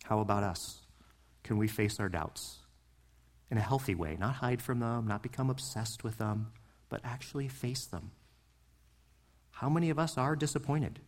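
A man's voice: medium pitch, a little mellow. A man preaching a sermon in a passionate, conversational way, asking his listeners questions and building to emphatic points. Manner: passionate, rising and falling emphasis. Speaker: pastor.

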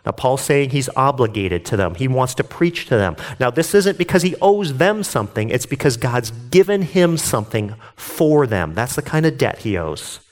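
A man's voice: medium pitch, very animated, normal speed, hardly any pauses. A man reading scripture aloud and explaining it in a casual, earnest way, sometimes getting worked up. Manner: reads scripture then explains it conversationally. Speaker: Bible teacher. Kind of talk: devotional Bible reading and commentary.

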